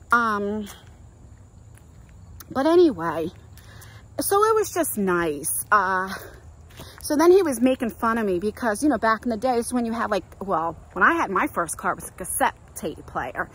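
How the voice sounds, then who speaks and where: A middle-aged woman with a New Jersey accent, telling a story in a chatty, animated way while walking outdoors with her phone. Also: medium pitch, normal speed, a little hiss or hum, rough recording. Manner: chatty, animated storytelling, acts out quoted voices. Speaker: vlogger. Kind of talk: walk-and-talk storytime.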